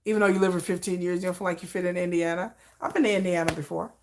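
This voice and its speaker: A woman's voice: on the low side, steady tone, very fast. A middle-aged woman from Michigan with a slight Texan tinge, talking frankly in an interview and often repeating herself and restarting. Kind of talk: candid personal talk.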